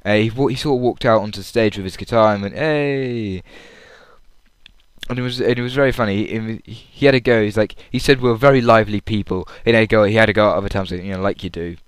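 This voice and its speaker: Young guy, low-pitched and crisp, chatty vlog ramble with many restarts. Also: racing, hardly any pauses, no room sound. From England. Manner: chatty, lots of fillers and restarts. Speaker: vlogger. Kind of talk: rambling audio log.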